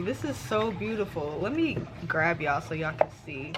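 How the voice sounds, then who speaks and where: Young woman, casual car vlog, handheld camera, animated pitch, faint background hum. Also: takes it slowly, muffled recording. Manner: emotional, gushing exclamations. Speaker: book vlogger.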